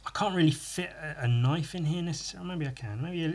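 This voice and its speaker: A man's voice: a little high, fast talker. A man hosting a solo podcast while he draws, rambling with profane, self-mocking humor and many asides. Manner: meandering, with many restarts and asides. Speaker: podcast host.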